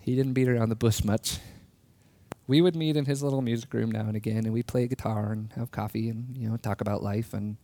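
A man giving a sermon, telling a personal story in an earnest way with soft laughs, and slowing down to stress key words. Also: mid-range voice, steady tone. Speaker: preacher.

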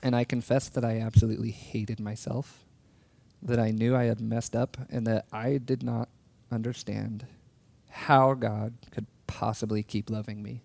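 A man giving a sermon, telling a personal story in an earnest way with soft laughs, and slowing down to stress key words. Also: fairly low pitch, level tone, creaky. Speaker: preacher.

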